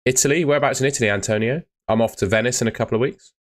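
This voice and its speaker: A man's voice: medium pitch, rapid-fire. A man hosting a casual live stream, chatting loosely with filler words as he reads out viewer comments. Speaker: host of a fantasy football live stream.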